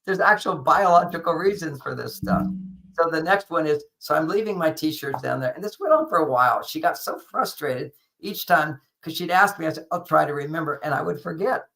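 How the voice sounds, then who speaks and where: An older man, a relationship author, answering in an interview with lively anecdotes and acted-out quotes. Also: fairly high pitch, normal speed, creaky, rough recording. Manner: animated anecdotal explaining, acts out quoted lines.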